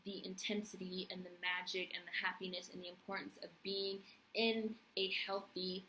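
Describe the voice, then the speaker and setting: A woman's voice: mid-range voice, flat delivery, moderate pace, pushed and bright, slight background noise, poor audio. A young woman recapping a TV series on her vlog, passionate and blunt, swearing freely. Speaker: TV review vlogger. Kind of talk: casual recap and commentary.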